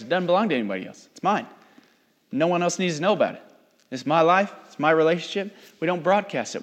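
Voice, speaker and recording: A young man preaching a sermon, reading scripture and then talking in an animated, teasing way, acting out people he quotes. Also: medium pitch. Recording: long hall reverb.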